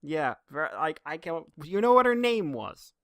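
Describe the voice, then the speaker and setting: A man's voice: fairly high pitch, sing-song, measured pace, no room sound. A man co-hosting a podcast, chatting loosely and joking around. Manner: joking, loose, with bursts of loud silly voices. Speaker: podcast co-host. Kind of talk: casual chat.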